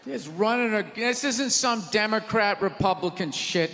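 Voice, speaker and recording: A man doing a stand-up routine in a large theater, ranting loudly and mocking people in put-on voices. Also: high voice, normal speed. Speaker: stand-up comedian. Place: large theater with live audience. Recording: live theater recording, hall reverb, audience noise. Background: audience laughter and crowd.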